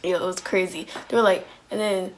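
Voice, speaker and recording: A woman telling a personal story on her vlog in an animated, slangy way, full of "like"s and restarts. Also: lowish voice, fairly quick. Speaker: vlogger.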